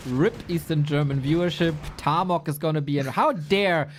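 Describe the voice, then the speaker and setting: A man's voice: on the high side, normal speed, slight background noise. A man casting a competitive strategy game, casual and playful, bantering with his co-caster and laughing often. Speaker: esports caster.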